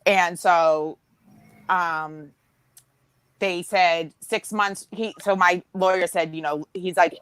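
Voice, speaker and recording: A woman telling a story in casual chat, acting out what others said, in a lively storytelling way. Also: fairly low pitch, slow pace, clear, resonant tone, no room sound, poor audio. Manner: animated storyteller, acts out quotes.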